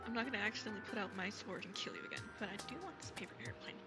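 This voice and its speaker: A sick woman streaming a game live, chatting casually and gushing with excitement as she thanks her viewers. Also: mid-range voice, rapid-fire, loud music behind the voice.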